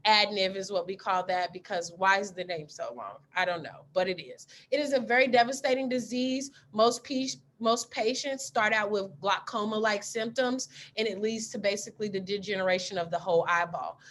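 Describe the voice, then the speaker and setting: A woman's voice: mid-range voice, moderate pace, hardly any pauses, fairly bright tone, a little hiss or hum. A woman scientist in her thirties giving a candid talk, telling stories about graduate school and acting out the dialogue as she goes. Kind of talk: storytelling talk.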